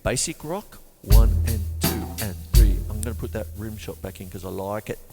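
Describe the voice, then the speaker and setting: In a large hall, a man with a lowish voice speaks at normal speed while teaching drums, joking and chatting as he counts beats aloud during playing. Loud drum kit music runs over his voice throughout.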